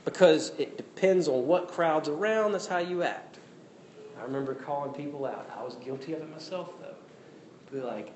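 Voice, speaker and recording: Male pastor, lively conversational preaching, slightly high voice, roomy hall with faint noise. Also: normal speed. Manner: animated, jokey preaching with acted-out quotes. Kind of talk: sermon. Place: church hall.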